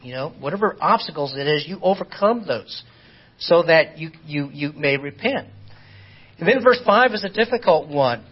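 Husky guy teaching bible study, kinda high voice, stumbly, dull lo-fi audio. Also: lively intonation. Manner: halting, repeats words, asks rhetorical questions. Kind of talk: informal Bible study lesson. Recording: dull lo-fi recording.

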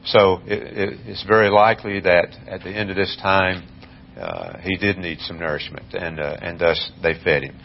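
Male Bible teacher, very deep voice, hesitant and measured delivery, dull lo-fi recording. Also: fairly even intonation, creaky, a little hiss or hum. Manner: measured, halting, many fillers and restarts. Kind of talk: Bible study lesson.

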